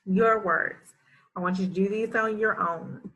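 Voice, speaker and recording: A woman's voice: medium pitch, steady tone, unhurried, a bit bright, lo-fi sound. A woman teaching a first grade phonics lesson, sounding out letters one at a time and praising often. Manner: encouraging, gives frequent praise.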